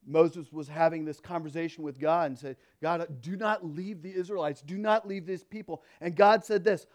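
A man delivers a sermon in a high voice for his sex, quoting scripture with strong emphasis. He climbs to loud, ringing lines and then drops to hushed, near-whispered passages, often stumbling and restarting between verses. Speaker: pastor.

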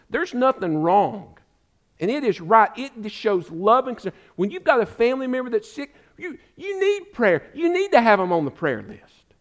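An older man preaching a sermon as pastor, exhorting emphatically and calling listeners "friend.". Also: extremely high pitch.

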